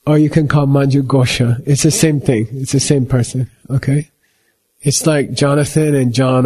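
Slow, husky-voiced man teaching meditation. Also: medium pitch, a little mellow. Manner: keeps checking in with "okay?" and homely examples. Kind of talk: slow explanatory teaching talk.

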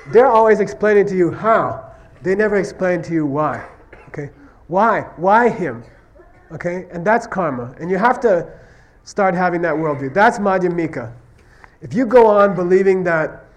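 A man with a somewhat raised voice gives a relaxed classroom lecture on Buddhist philosophy. He talks in stories and rapid question-and-answer chains. He checks in often to make sure his students follow. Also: high voice. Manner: repeatedly checks understanding with "okay?" and "you see what I mean?"; tells stories, acting out question-and-answer exchanges.

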